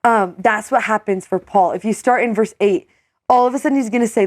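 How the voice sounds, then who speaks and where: A young woman tells a story with lots of energy, her fairly high voice jumping up whenever she quotes someone. The sound is close and dry, with no room echo. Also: brisk. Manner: animated storyteller, many "like"s, acts out quotes in a higher voice. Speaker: co-host. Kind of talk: casual storytelling.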